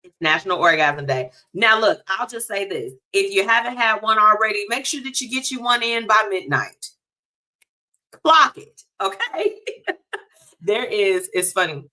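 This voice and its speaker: A woman hosting a radio talk show, chatting in a lively, casual way and speaking straight to her listeners. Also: mid-range voice, normal speed, hardly any pauses. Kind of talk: casual chat segment.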